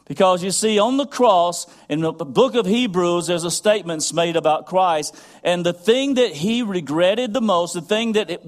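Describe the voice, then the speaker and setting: A man's voice: sits high, moderate pace. A man preaching a sermon, earnest and building in intensity, repeating phrases as he goes. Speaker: pastor.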